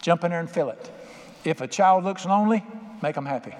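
Older folksy preacher in a reverberant hall. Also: male voice, high voice, animated, fairly quick. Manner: folksy, conversational preaching with acted-out quotes. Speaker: pastor. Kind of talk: sermon. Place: church sanctuary. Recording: reverberant hall with faint ambience.

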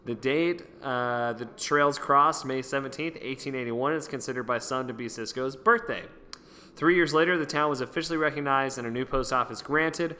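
A man's voice: medium pitch, normal speed, sharp tone. A man co-hosting a podcast, reading history notes aloud in a loose, joking way with fillers and self-corrections. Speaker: podcast co-host.

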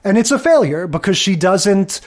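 A man's voice: sits high, sing-song, moderate pace. Male co-host, lightish voice, open and thoughtful. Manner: reflective, candid. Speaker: podcast co-host. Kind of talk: casual chat about sitcoms.

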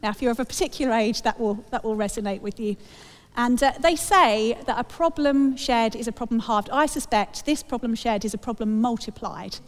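A woman's voice: a little high, fairly quick, big-room sound. A woman preaching a sermon in a chatty, wry manner to a congregation in church.

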